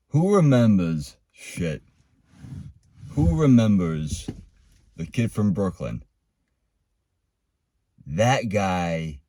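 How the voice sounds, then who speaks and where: A man in his thirties hosts a loose, rambling monologue, swearing often and breaking off mid-sentence to start again. His voice sits fairly low. The sound is dry, with almost no room echo. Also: dark tone. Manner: rambling, profane, self-interrupting. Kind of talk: casual monologue.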